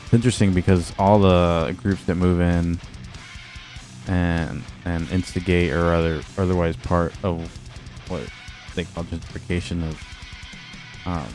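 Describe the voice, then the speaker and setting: A man's voice: low-pitched, little pitch movement, a little slow, long pauses, a little mellow, soft background music. A man chatting casually and rambling on his livestream, swearing now and then. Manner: laid-back, swears, rambling asides. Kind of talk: casual stream chat.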